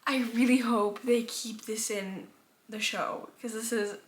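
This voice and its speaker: A woman in her early twenties chatting casually about a book she is reading, gushing and animated, sometimes dropping her voice to a near-whisper. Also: a little high, a little slow. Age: 20s. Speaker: booktuber reading vlogger. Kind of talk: casual chat.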